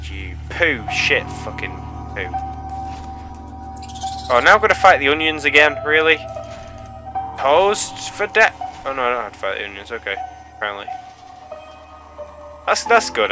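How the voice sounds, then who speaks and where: A man's voice: mid-range voice, moderate pace, pauses often, over music. A young man giving let's play commentary, yelping and pleading with the game as he plays. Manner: excitable, yelps and pleads at the game. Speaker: gaming channel host.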